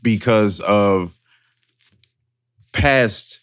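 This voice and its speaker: A man's voice: on the low side, very slow, fairly bright tone, clean tone. A man co-hosting a podcast, listening supportively and then reflecting hesitantly on his own past. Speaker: podcast co-host. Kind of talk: candid personal talk.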